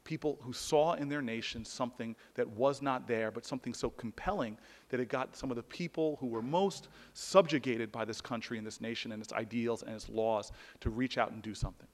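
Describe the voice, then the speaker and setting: A man's voice: medium pitch, brisk. Earnest man telling a story in a hall. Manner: earnest, with frequent restarts and repeated words. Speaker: public speaker. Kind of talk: personal storytelling speech.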